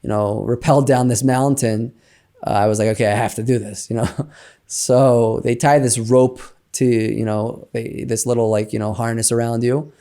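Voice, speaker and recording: A man in an interview, telling a personal story in a chatty, animated way with many fillers like "you know". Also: medium pitch, moderate pace. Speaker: interview guest.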